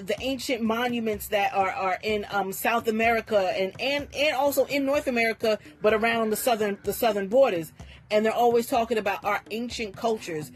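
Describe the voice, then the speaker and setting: A woman co-hosting a podcast, talking in a passionate, rambling way with many repeated words. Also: fairly high pitch. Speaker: podcast co-host. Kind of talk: casual chat.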